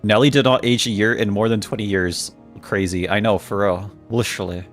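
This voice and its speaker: A man's voice: fairly low pitch, steady tone, brisk, soft background music. A man streaming a game, casually joking with chat and reading the game's dialogue aloud, now and then in a mock British voice.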